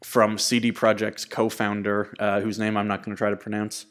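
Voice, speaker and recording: A man's voice: lowish voice, completely flat delivery, normal speed, a bit bright. Joking male podcast co-host. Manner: joking, casual, trails off. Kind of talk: casual chat.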